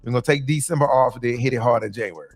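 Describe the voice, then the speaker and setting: A man's voice: medium pitch, very fast, slightly rough, dry recording, clean studio sound. A man, a comedian guest chatting casually on a podcast with lots of fillers and jokes. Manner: laid-back, joking, many fillers.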